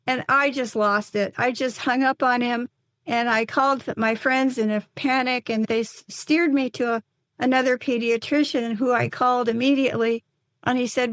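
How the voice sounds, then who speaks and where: An older woman speaks in a slightly high voice, earnest and halting, often restarting her sentences as she recounts a painful story. The recording is dry and close, with no room sound around her. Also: steady tone, no echo. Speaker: guest, psychotherapist and mother. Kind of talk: emotional personal storytelling in an interview.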